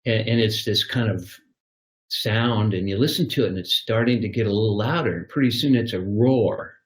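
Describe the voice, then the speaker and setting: A man's voice: on the low side, normal speed. An older man who is a guest on a podcast, giving reflective advice and telling little stories where he acts out the voices. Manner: storytelling, acts out little scenes. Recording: roomy echo.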